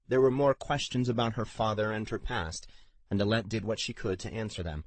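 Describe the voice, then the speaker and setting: A man narrating an audiobook in a steady, even storytelling delivery. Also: on the low side, a little fast, no room sound. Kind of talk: scripted narration.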